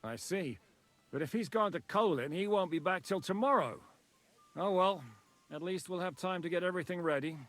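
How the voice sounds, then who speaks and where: A curt, cursing rebel commander. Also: male voice, high voice, normal speed, fairly bright tone. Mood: grim. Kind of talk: video game voice acting.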